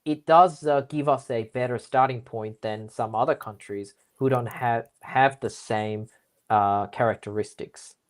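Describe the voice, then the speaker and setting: A man's voice: mid-range voice, measured pace. A man speaking as a guest in a casual business interview, explaining things at length with lots of fillers and restarts. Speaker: guest expert.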